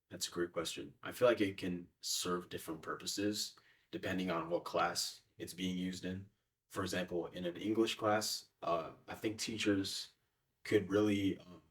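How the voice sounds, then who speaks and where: A man's voice: deep voice, recorded from a distance. A young man answering interview questions in a casual, hesitant way with many fillers. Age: young adult.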